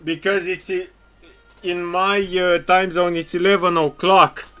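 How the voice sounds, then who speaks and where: A man's voice: high-pitched, flat delivery, a little slow, fairly bright tone, clean tone, soft background music. A man hosting a casual voice chat, drunk, giggly and rambling. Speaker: game host.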